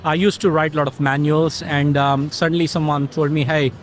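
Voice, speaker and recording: A middle-aged man as an interview guest, explaining things in a relaxed conversational way and telling stories with quoted dialogue. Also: fairly high pitch, brisk. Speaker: interview guest, technology consultant.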